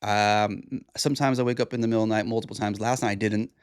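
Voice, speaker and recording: A man's voice: lowish voice, fairly even intonation, fast talker, clean tone, no room sound, clean studio sound. A tired, groggy young man hosting a solo podcast, talking in a rambling, reflective way with restarts. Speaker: podcast host. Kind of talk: casual solo podcast monologue.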